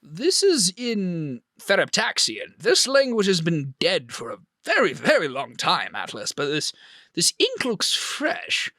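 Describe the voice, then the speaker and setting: A man putting on a jovial old-world wizard with a big mustache, cheerful and hospitable but quick to get flustered and stammer. The voice is lively and bright, with a close, dry sound. It is a tabletop role-play character voice. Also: high-pitched, no room sound, exaggerated voice. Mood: genial. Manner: bumbling stammer when flustered.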